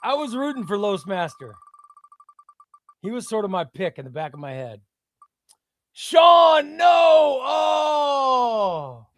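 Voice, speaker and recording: A man hosting a live stream, chatting casually and bursting into loud exclamations before dropping to quiet muttering. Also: high-pitched, normal speed, long pauses, some chatter behind. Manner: excitable, shouts names then drops to muttering.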